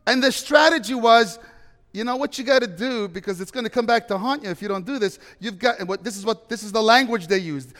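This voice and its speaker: A man preaching a sermon, telling stories animatedly, with loud bursts of emphasis and quiet asides. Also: extremely high pitch, fast. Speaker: pastor. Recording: long hall reverb.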